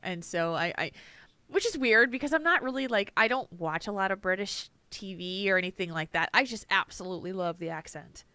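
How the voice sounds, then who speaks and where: Bright chatty woman podcast co-host. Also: medium pitch, expressive, a little fast, clean tone, dry recording. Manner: chatty, laughs often, trails off. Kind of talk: casual chat.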